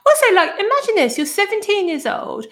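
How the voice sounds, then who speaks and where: A woman hosting a true crime podcast, telling the story in a casual, animated way and swearing now and then. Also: very high-pitched, brisk.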